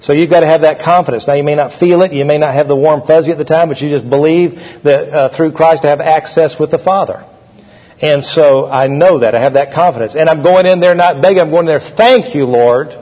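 A slightly high-voiced man, the pastor, preaches at a fairly quick clip. His sermon is conversational, with call-and-response from the congregation. The recording has the dull echo of a hall.

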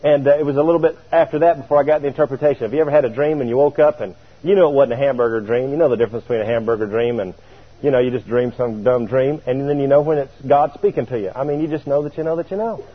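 A man preaching a sermon, telling a story in an animated way and chuckling now and then. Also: medium pitch, racing, breathy edge. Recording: tinny radio broadcast.

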